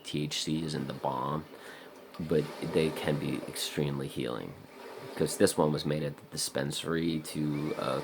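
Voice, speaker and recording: Over some background noise, a man with a creaky voice vlogs in a rambling, casual monologue, blunt and profane, speaking straight to the viewer. He acts out his own inner voice by going higher and louder.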